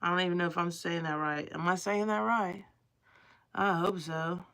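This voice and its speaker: A woman's voice: lowish voice, steady tone, moderate pace, a bit bright. A young woman with a Southern accent, chatting casually on a livestream in a rambling, playful drawl. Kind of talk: casual chat with live chat.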